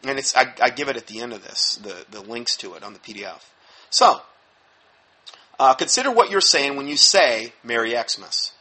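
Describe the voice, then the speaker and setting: A man preaching in an emphatic, animated teaching style, stressing points sharply and dropping into low mumbled asides. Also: normal speed. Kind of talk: sermon-style teaching talk.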